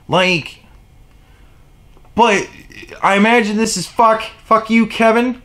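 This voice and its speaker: A man's voice: high voice, takes it slowly, long pauses, bright, forceful tone. A man delivering an exasperated, profane opinion rant on his vlog, with sarcastic asides. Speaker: vlogger.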